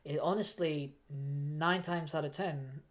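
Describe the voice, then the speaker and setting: A man's voice: fairly high pitch, fairly even intonation, takes it slowly. A man chatting casually on a livestream, hot and a little out of it inside a fursuit. He rambles and stammers through restarts, thanking donors in an easygoing way. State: overheated in a fursuit, mentally foggy. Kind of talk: casual livestream chat, reading donations.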